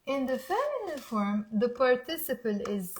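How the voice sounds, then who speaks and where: A young woman with a Lebanese accent teaching Arabic in a live online lesson, repeating words slowly and quizzing her listeners. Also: high-pitched, big pitch swings, a little mellow.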